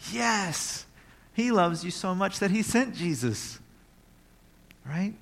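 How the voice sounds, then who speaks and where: A man's voice: sits high, sing-song, takes it slowly, gravelly. Conversational male pastor preaching. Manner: conversational preaching, reads scripture aloud, bursts into joyful cries. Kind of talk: sermon.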